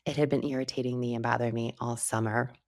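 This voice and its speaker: Speaking fast with a very deep, steady and slightly mellow voice, a middle-aged woman runs her own podcast alone. The talk is frank and chatty, with lots of laughing.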